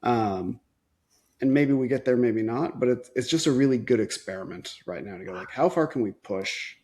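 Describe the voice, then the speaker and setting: A man's voice: medium pitch, normal speed, darkish tone. A man who runs an agency, thinking aloud in a casual podcast conversation and often restarting his sentences. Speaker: agency owner.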